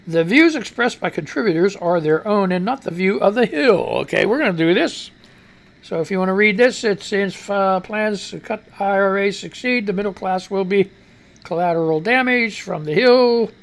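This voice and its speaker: A man hosting a talk radio show, ranting about the news in a profane way, reading news items aloud with asides, his voice climbing high whenever he gets excited. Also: moderate pace, vocal fry.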